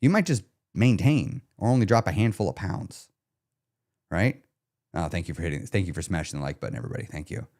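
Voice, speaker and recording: A man's voice: sits low, expressive, fast talker, darkish tone. Emphatic man coaching on a live stream. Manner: emphatic, repeats key questions, checks in with viewers. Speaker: weight loss coach.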